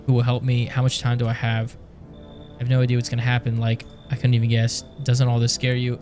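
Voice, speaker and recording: A man's voice: mid-range voice, completely flat delivery, fast, over music, close to an everyday voice. A man voicing a nervous stranger in a horror game who frets about surviving. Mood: anxious. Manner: anxious, fretful. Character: nervous man fleeing the deadly heat.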